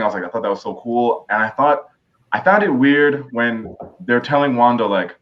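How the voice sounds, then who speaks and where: A man co-hosting a casual podcast, rambling and excitable, filling his talk with "like". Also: mid-range voice, moderate pace, highs cut off. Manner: rambling, lots of "like" fillers, excitable. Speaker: podcast co-host. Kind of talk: casual pop-culture discussion.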